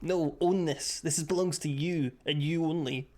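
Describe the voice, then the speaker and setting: A man's voice: a little high, fairly even intonation, normal speed, a little mellow. Man chatting on a stream. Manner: swears freely, banters with chat. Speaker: livestreamer. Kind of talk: casual gaming stream chat.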